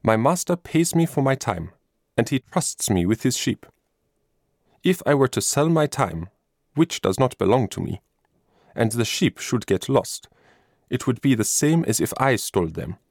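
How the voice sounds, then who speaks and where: A man's voice: medium pitch, big pitch swings, unhurried, a little mellow, dry recording, studio quality, pitched above the performer's own voice. A man voicing an honest, firm young shepherd boy in a storybook reading, speaking earnestly in a raised voice.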